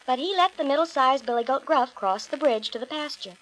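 A woman reading a children's fairy tale aloud with a clear, expressive storybook delivery. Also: high voice, brisk, poor audio.

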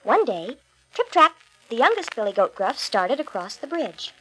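A woman reads a children's fairy tale aloud in a clear, expressive storybook manner. Her voice sits fairly high, and she shapes the narration gently for young listeners. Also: normal speed, poor audio.

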